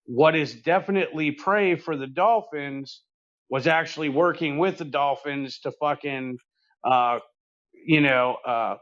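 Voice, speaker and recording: A man's voice: a little high, highs cut off. A man hosting a podcast, telling a long story in a rambling, laid-back and foul-mouthed way. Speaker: podcast host. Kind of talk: casual storytelling chat.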